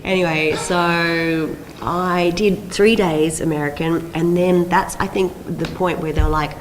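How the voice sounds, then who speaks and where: An Australian woman on a convention panel, telling animated stories and acting out the people she quotes. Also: lowish voice, unhurried, slight background noise, low-quality recording. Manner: animated, laughing storyteller who acts out quoted voices. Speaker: panel guest.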